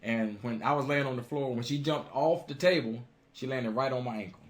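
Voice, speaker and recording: A man's voice: medium pitch, a little fast. A middle-aged man telling a personal story on a religious radio show, plainspoken and chuckling now and then. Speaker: ministry member telling a story.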